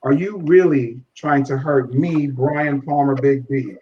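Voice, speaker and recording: A man's voice: mid-range voice, fairly even intonation, measured pace, dull audio, slight background noise. A man speaking earnestly as a podcast guest, repeating phrases for emphasis and acting out conversations.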